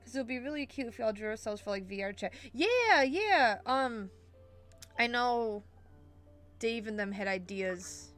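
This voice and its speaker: A woman's voice: on the high side, lively intonation, a little slow, fairly bright tone, faint music behind. A young woman streaming a game with a friend, chatting, laughing often and reading the chat aloud. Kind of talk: casual gaming stream chat.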